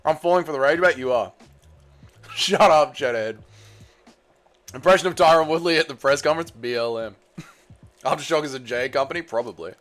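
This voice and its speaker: Aussie streamer bloke, kinda high voice, swearing and ribbing his chat. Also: normal speed, long pauses, a bit bright, soft background music. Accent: Australian. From Australia. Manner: bantering and swearing, mock-patriotic ribbing. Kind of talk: casual livestream chat, reading and answering viewers.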